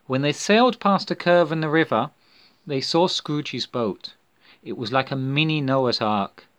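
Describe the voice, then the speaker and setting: Slow, expressive male storyteller. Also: medium pitch. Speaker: narrator. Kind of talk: storybook narration.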